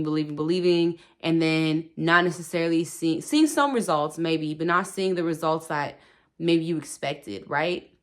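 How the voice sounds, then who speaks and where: A woman hosting a spiritual wellness talk, chatting casually with her viewers and laughing often. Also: sits low. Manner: chatty, laughs often, repeats "okay", speaks to viewers directly. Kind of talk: casual spoken advice.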